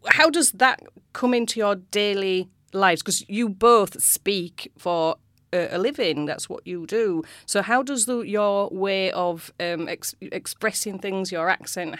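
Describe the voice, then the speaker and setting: A woman's voice: mid-range voice, unhurried, a bit bright, dry recording. A woman with a regional English accent, hosting a podcast interview and asking hesitant, searching questions.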